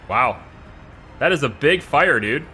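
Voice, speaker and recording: A man streaming a city-building game live, chatting to himself and yelling frantically when things go wrong. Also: mid-range voice, takes it slowly, soft background music. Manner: excitable, swings from mumbling to frantic shouting. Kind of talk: live gameplay commentary.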